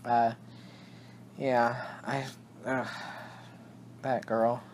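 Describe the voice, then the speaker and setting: A man's voice: medium pitch, flat delivery, drawn-out words, slight background noise. A young man co-hosting a casual podcast, rambling, cutting himself off mid-sentence and laughing often. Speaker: podcast co-host. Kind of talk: casual chat.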